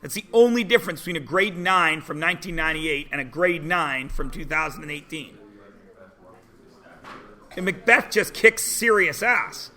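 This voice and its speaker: Male teacher, 40s, high bright voice, sarcastic, animated, joking with class. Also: moderate pace. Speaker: high school English teacher. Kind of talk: classroom talk.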